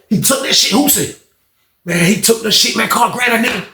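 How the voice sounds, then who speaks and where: A man telling a story in a casual, profane, animated way, acting out what others said. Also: high voice, quick pace, reverberant, over music. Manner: animated, profane, acts out quoted speech.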